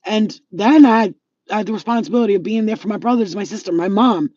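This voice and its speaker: A woman's voice: medium pitch, fast, mellow, husky, no room sound. A middle-aged woman talking straight to her viewers as a spiritual healer, giving blunt, profane, streetwise advice in a casual monologue. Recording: dull lo-fi sound.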